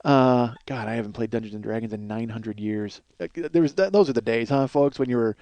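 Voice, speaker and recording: A man's voice: mid-range voice, fairly quick, a little mellow, no room sound. A middle-aged man hosting a solo podcast, telling rambling, crude, self-mocking stories. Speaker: podcast host.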